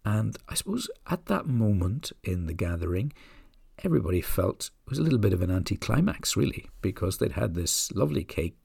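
Low, gravelly man telling a story. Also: dry recording, clean studio sound. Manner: gentle, unhurried storytelling with soft asides. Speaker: podcast host. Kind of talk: reflective storytelling talk.

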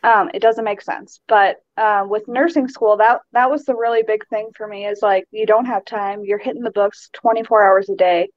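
A woman being interviewed as a guest, telling her story in an animated, chatty way and laughing often. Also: medium pitch, moderate pace, few pauses, dry recording. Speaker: nurse and guest. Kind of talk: casual interview chat. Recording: dull, dry recording.

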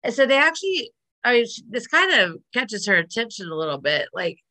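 A woman's voice: fairly high pitch, very animated, a little fast, bright, forceful tone. A woman casually retelling a sitcom episode, rambling with fillers and giggling often. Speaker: podcast co-host recapping a sitcom episode. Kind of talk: casual chat.

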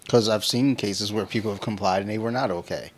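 A man's voice: fairly low pitch, a little fast. A man in his thirties co-hosting a podcast, telling loose, profane stories in casual chat and laughing often. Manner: laughs often while talking. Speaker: podcast co-host.

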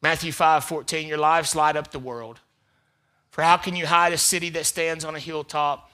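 A man preaching a sermon as pastor, repeating phrases for emphasis and swinging between loud emphatic peaks and quiet asides. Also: fairly high pitch, steady tone, moderate pace, clear, resonant tone. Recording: live church service.

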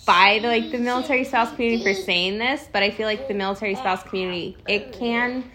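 A woman co-hosting a casual podcast from home, agreeable and quick with affirmations. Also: fairly high pitch, crowd noise. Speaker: podcast co-host. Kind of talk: casual chat. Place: home, in California.

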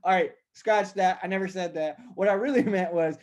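A young man hosting a casual sports talk show, chatty and quick to laugh, steering the talk with questions. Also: high voice, a little mellow. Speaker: podcast host.

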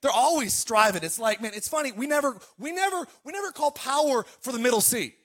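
A middle-aged man preaching a sermon as pastor, telling lively family stories and calling on the congregation to respond. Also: extremely high pitch, fairly quick. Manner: animated storytelling, calls to the congregation.

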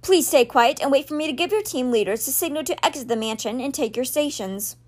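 A woman's voice: sits high, expressive, a little fast, darkish tone. A woman reading as an earnest young male leader.

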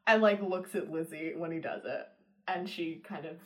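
A woman's voice: fairly low pitch, moderate pace, a bit bright. Chatty woman reviewing a film. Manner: chatty, laughs often, trails off mid-sentence. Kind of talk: casual chat.

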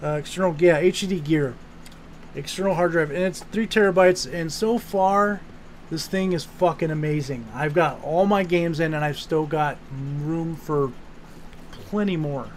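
A man's voice: on the high side, moderate pace, a little hiss or hum. A man hosting a podcast, talking in a rambling, casual way with swearing and restarts. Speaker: podcast host.

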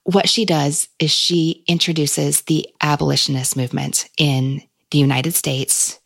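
A woman with a low voice and a gravelly edge hosts a podcast, talking in a chatty, enthusiastic way with lots of asides. The sound is dry and close, as if she is right at the microphone. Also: steady tone, a little slow, a bit bright, no room sound. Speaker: podcast host recommending books. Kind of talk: casual conversational interview.

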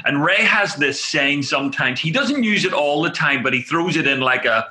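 Brief: male interviewer, very bright and sharp tone, roomy echo. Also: on the high side, expressive, normal speed. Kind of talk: conversational interview.

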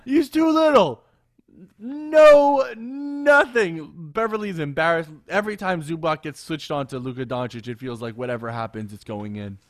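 A man co-hosting a casual sports podcast, animated and quick to laugh, often repeating himself. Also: a little high, dry recording. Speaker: podcast co-host.

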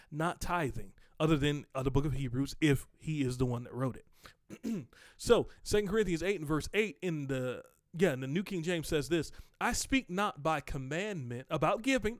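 A man preaching a sermon, reading scripture aloud and explaining it conversationally, moving between slow emphasis and quick asides. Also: a little high, no room sound, clean studio sound.

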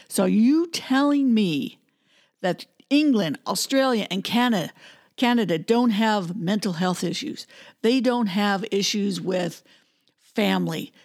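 A woman hosts her podcast alone. She talks bluntly and with open indignation, swearing now and then. Her voice carries a gravelly, creaky edge at a middle pitch. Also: a little mellow. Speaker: podcast host. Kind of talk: opinion podcast monologue.

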